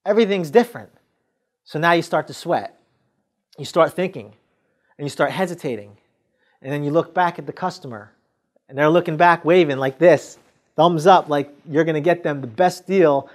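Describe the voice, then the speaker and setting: A man's voice: fairly high pitch, normal speed, pauses often. A man giving a motivational sales training talk, coaching the listener directly and acting out sales scenes with quoted dialogue.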